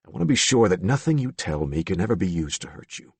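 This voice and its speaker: A man voicing a calm, careful writer interviewing someone, speaking in a measured, earnest way. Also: low voice, breathy edge, no echo, exaggerated voice.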